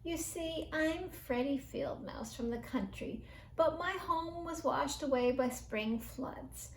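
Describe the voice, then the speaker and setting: A woman voicing a shy, homeless young field mouse who speaks quietly and hesitantly in a storybook reading. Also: high-pitched, slow pace, a little hiss or hum. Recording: roomy echo.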